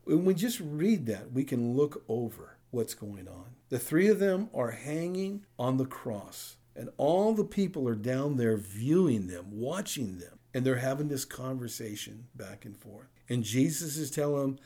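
A man preaching a sermon as pastor, in a conversational way, often checking in with the congregation with a quick "right?". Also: mid-range voice, expressive, mellow.

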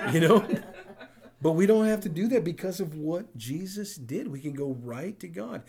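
A man preaching a sermon as pastor, in a conversational way, often checking in with the congregation with a quick "right?". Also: on the high side, expressive, darkish tone, breathy edge.

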